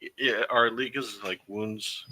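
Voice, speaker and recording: A man's voice: lowish voice, fairly even intonation, unhurried, bright, forceful tone, a little hiss or hum, rough recording. A man playing a tabletop game, casual and loose. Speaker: player.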